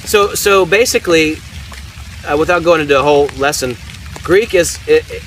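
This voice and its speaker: A man's voice: a little high, normal speed, a bit bright. Man explaining, heard from a distance. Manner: explanatory, frequent restarts and "right?" tags. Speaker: Bible translator. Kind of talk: casual teaching conversation. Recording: distant mic with faint noise.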